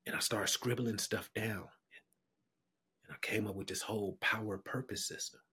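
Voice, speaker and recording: A middle-aged man with a fairly low, husky voice recounts his story as a podcast guest. He tells it with animation, throwing himself into the voices of the people he quotes, then sinking to a hushed whisper when the memory turns tender. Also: steady tone, moderate pace.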